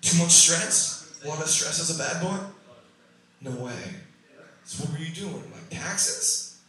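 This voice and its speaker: A man's voice: on the high side, measured pace, sharp tone. A Canadian man in his thirties doing stand-up crowd work, brash and teasing, swearing freely. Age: 30s. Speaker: stand-up comedian. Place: comedy club stage, live audience. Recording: echoey room, recorded from far, audience noise.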